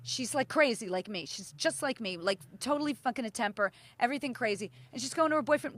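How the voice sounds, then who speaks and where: Animated high-voiced woman telling stories. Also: quick pace, few pauses, dry recording. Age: middle-aged. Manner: animated storyteller acting out quotes, swearing. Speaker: podcast co-host. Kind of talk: casual chat.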